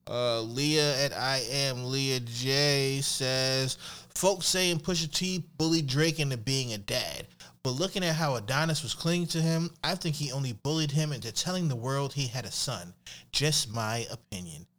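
A man's voice: mid-range voice, normal speed, fairly bright tone. A man hosting a casual podcast, reading out a silly story and tweets, laughing often and repeating "you know what I'm saying". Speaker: podcast host.

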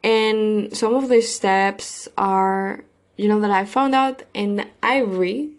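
A woman at a middle pitch talks through her solo podcast in a casual, wandering way. She leans on fillers and restarts, and her sentences loosen as she goes. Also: slow. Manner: rambling, filler-heavy, loose grammar. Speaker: podcast host.

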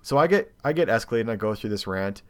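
A man co-hosting a podcast, telling a story in casual, animated, exasperated bursts full of swearing. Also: fairly low pitch, fast, clean tone. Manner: animated, profane, exasperated retelling. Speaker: podcast co-host. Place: seated in a podcast studio chair.

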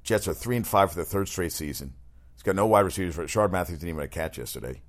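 A man's voice: low-pitched, fast. A man hosting a casual talk show, rambling bluntly and swearing through sports and TV opinions. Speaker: show host. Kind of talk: casual chat.

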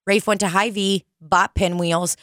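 A young adult woman chatting casually on a podcast, telling profane, animated stories with mocking put-on voices. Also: mid-range voice, measured pace, no echo, clean studio sound. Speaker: podcast co-host, bartender. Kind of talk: casual chat.

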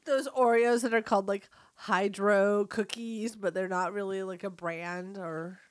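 A playful woman co-hosts a casual chat, tossing out jokes and guesses and laughing often. Her pitch is ordinary for a woman. The close mic gives a dry sound with no room echo. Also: steady tone, unhurried. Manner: playful, teasing, laughs a lot. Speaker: podcast co-host.

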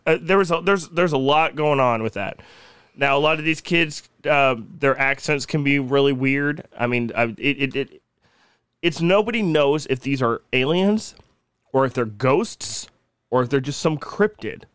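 A man's voice: mid-range voice, normal speed, fairly bright tone, clear, resonant tone, dry recording. A young man co-hosting a casual podcast, laughing often and swearing freely as he tells a spooky story. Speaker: podcast co-host.

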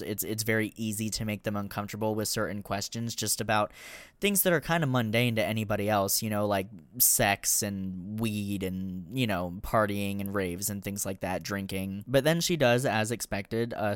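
Young male podcast host, casual film reviewer, low, smooth voice, frank and swears often, close dry mic. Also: no echo. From Colorado, raised in the US Deep South.

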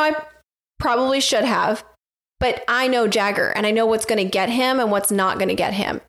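A woman's voice: fairly high pitch, a bit bright. A woman on a podcast, telling a candid, self-assured story in casual chat.

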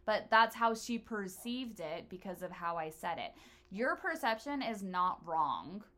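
Bright, blunt woman talking candidly. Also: mid-range voice, very animated, measured pace. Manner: blunt, profane storytelling. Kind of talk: candid casual chat.

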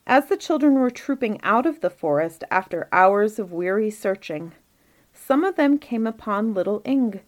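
A woman reading a Christmas storybook aloud in a gentle, measured narration. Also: medium pitch.

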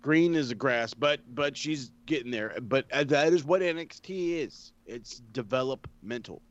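A man's voice: medium pitch, expressive, unhurried, dry recording. A man co-hosting a casual wrestling podcast, laid-back and swearing casually. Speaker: podcast co-host. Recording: dull, dry sound.

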